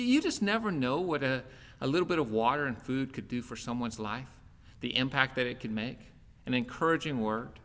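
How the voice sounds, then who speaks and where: A man's voice: medium pitch, fairly bright tone. A man preaching a sermon as a pastor, speaking earnestly in a conversational, personal way from a church worship center. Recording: long church-hall reverb.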